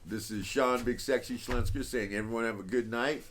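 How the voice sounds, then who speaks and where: A man's voice: medium pitch, steady tone, moderate pace, a bit bright. A man hosting a podcast in casual chat, laid-back with loose phrasing. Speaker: podcast host.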